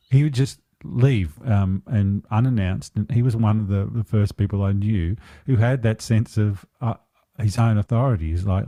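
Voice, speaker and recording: Deep, mellow man on a podcast. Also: dry recording. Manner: earnest, reflective, unhurried. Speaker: empowerment coach. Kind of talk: podcast interview conversation.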